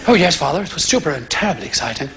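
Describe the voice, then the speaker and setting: A man's voice: fairly high pitch, sing-song, rapid-fire, gravelly, very noisy, voice pushed down. A man with a Scottish accent putting on a prim, plummy English religious broadcaster who talks in a patronising way.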